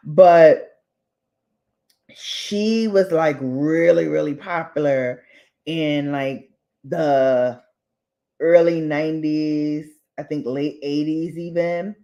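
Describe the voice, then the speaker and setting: A woman's voice: low voice, slow pace, mellow. A woman vlogger in casual, gossipy chat, talking straight to her viewers with playful asides. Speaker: beauty vlogger.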